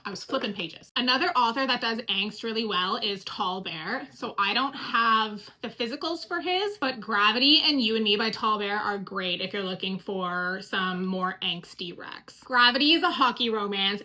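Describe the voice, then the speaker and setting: A woman's voice: mid-range voice, pushed and bright. A woman talking casually about books she loves, gushing and emotional, with lots of filler words. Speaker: book reviewer. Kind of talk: casual book recommendation vlog.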